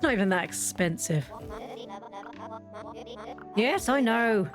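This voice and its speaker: A woman's voice: fairly low pitch, expressive, slow, pauses often, soft background music. Chatty woman rambling over a game. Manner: chatty, rambling, self-interrupting. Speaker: gaming channel host. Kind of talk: casual let's-play commentary.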